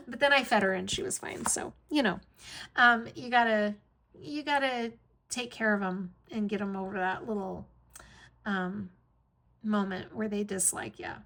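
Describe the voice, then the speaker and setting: A woman's voice: on the high side, a little slow, a bit bright. A middle-aged woman at home, chatting casually as she tells a story and laughing often. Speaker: hobby vlogger, caregiver to her aunt.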